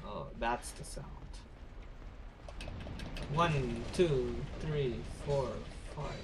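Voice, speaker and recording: A young man streaming a video game, chatting with his viewers as he plays and breaking into shouts and high laughter at what happens on screen. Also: drawn-out words, noisy background. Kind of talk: casual gaming livestream chat.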